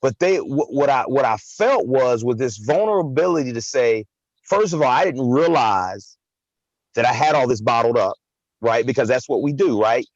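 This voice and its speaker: Man, talk show host, animated, repetitive, dry dull stream audio. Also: medium pitch, moderate pace, no room sound. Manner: animated, repeats himself, says "man" and "right" a lot. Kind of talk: casual chat.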